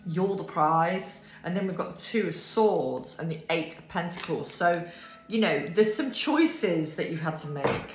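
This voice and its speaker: Woman tarot reader, sleepy and blunt, low pitch, roomy echo. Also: expressive, measured pace. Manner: sleepy, yawning, swears casually. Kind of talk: casual tarot reading to camera. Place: bright room at home, indoors. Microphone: camera on a desk with ring light. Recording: echoey room with faint music.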